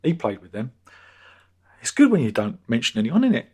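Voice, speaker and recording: His mid-range voice swoops wildly in pitch, fairly quick, slightly mellow and husky. The speaker, a British livestream host in his fifties, rambles through comments from viewers, joking crudely and repeating himself often.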